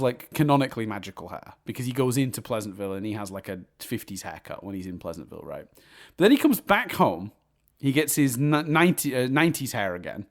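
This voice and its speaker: Animated man reviewing films. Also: medium pitch. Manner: animated, laughs while retelling jokes. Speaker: podcast co-host. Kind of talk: casual film review chat.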